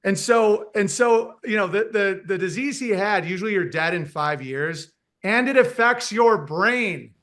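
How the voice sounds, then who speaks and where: A man talking casually as a podcast guest, rambling and animated, often breaking into mocking impressions and laughing at his own jokes. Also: high voice, unhurried, few pauses. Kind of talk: casual chat.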